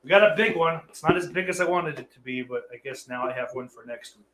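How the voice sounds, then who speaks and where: A man's voice: on the high side, fast talker, background noise. Profane offhand man chatting. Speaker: livestream host reading chat. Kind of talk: casual rambling chat.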